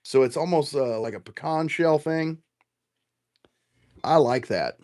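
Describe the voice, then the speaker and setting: A man with a slightly high, unhurried voice runs a relaxed livestream, tasting whiskey and answering comments from his audience. He's animated, rambling, and swears freely.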